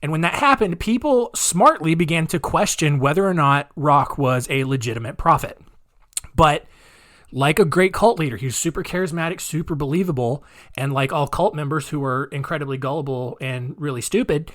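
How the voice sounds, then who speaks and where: A man in a casual comedy podcast, his speaking voice sitting a little high for a man. He tells the story with sarcasm and irreverent asides, laughing along at the absurd turns. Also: moderate pace, a bit bright. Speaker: podcast host.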